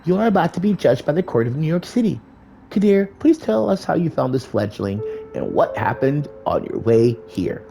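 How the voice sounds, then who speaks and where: A man's voice: a little high, big pitch swings, moderate pace, gravelly, mellow, pitched above the performer's own voice. A man voicing a commanding female vampire prince in a game, formal and imperious. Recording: faint music behind.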